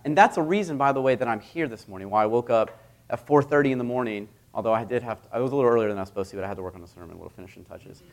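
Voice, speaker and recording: A man in his thirties preaches in an easy, conversational storytelling manner. His voice sits at a middle pitch, and he swings between quiet asides and louder, emphatic moments as he builds his points. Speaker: visiting preacher. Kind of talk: sermon.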